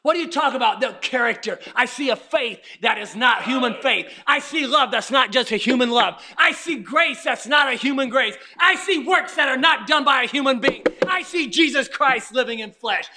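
Male preacher, sermon delivery: very high and brightly ringing, swings from shouted exclamations to hushed near-whispers.

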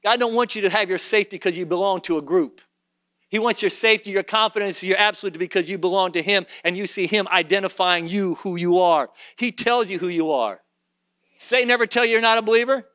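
A man preaching a sermon in a church, climbing to fervent shouting and then dropping to quiet, conversational storytelling. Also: fairly quick. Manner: rises to shouted fervor, then drops low and conversational. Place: church sanctuary.

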